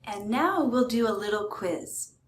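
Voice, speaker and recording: Woman, pronunciation teacher, very slow and precise delivery, drill-style, echoey room. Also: on the high side, expressive. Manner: deliberate, carefully stressed pronunciation. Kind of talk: slow, clear teaching with repeat-after-me drills.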